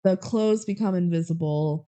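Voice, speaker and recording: A young woman co-hosting a podcast in casual chat, animated and acting out quotes with big pitch jumps. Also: moderate pace. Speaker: podcast co-host.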